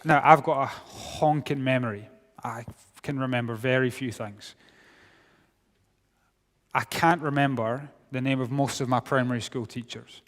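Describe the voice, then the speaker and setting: A middle-aged Scottish man giving a sermon to young people, wry and humorous, dropping to quiet for serious points. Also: mid-range voice, steady tone, measured pace. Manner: humorous, wry storytelling with sudden drops to quiet. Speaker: youth speaker. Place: large hall. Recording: long hall reverb.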